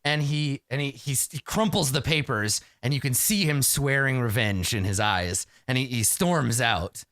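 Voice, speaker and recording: A man narrating as game master in a rambling, animated storytelling way, full of fillers and restarts. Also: mid-range voice, normal speed, no echo.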